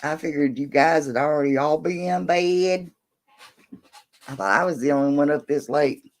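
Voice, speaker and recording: A woman's voice: deep voice, moderate pace. An older woman hosting a late-night casual livestream, rambling as she reads out viewer comments and talks to her dog in between. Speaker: livestream host.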